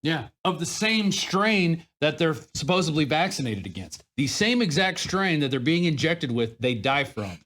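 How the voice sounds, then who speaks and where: A man's voice: on the high side, normal speed, few pauses. A man, a regular on the show, telling anecdotes casually and acting out other people's quotes. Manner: animated storyteller who acts out quotes.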